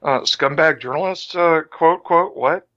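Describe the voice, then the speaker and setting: Give me a dry, wry man with a bright, slightly high voice on lo-fi audio. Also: a little slow, no echo. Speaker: podcast co-host. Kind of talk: casual podcast banter. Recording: dull, dry lo-fi podcast audio.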